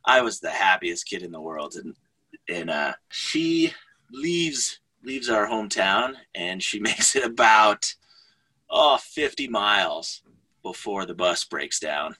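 A man chatting as a guest, telling a story in an animated way and laughing often. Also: lowish voice, takes it slowly, husky, low-quality recording. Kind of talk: casual storytelling in conversation.

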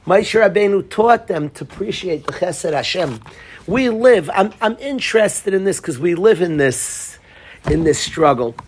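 A man's voice: high-pitched, lively intonation, measured pace, slight background noise. A man teaching a Torah class, telling a story and quizzing his students by name.

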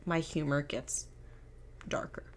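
A young woman chats on her podcast in a low, gravelly voice. She tells stories with animation, jumping into the voices of the people she quotes. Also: takes it slowly. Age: young adult. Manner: animated storyteller, acts out quotes. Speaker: podcast co-host. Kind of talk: casual chat.

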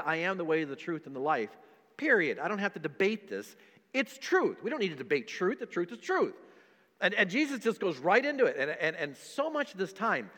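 A man preaching a sermon as pastor, emphatic and repetitive, swinging between loud and soft. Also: fairly high pitch. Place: church sanctuary. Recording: long hall reverb.

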